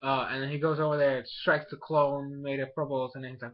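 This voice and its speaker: A man giving a casual, rambling episode recap as a reviewer, excitable and jumping into quick character voices. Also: mid-range voice, dull audio. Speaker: anime reviewer.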